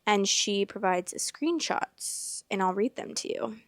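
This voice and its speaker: A woman's voice: mid-range voice, expressive, slow pace, dry recording, studio quality. A young woman from Iowa, hosting and casually reading online stories aloud with blunt, chatty reactions. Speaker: host.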